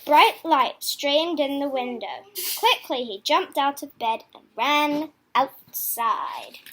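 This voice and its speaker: A woman reading a children's picture book aloud in a slow, expressive way. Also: sits high. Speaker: storybook reader.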